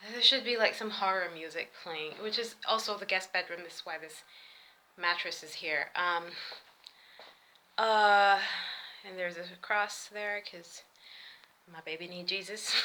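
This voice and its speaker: A woman's voice: medium pitch, sharp tone, poor audio. A woman chatting casually as she walks through her house, rambling and laughing often. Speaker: vlogger. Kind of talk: casual home tour vlog. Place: house, indoors.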